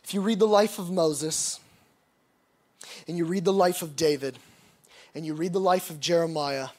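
A high-pitched male pastor delivering a sermon. He reads scripture passages aloud and then preaches on them, building to emphatic, rising stretches. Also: normal speed, a little mellow.

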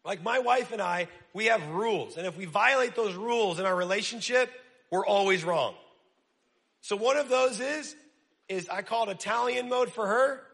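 A male pastor preaches in a loose, energetic, joking way. His voice sits high and has a gravelly edge. A long hall reverb trails his words. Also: normal speed. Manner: energetic, casual and self-deprecating. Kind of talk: sermon.

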